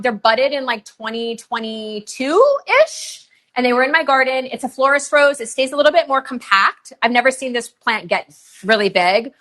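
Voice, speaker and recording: Bright, bubbly woman hosting a live sale. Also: high-pitched. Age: middle-aged. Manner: bubbly, chatty, gushing with fast countdowns. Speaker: live shopping host. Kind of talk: live online sales show.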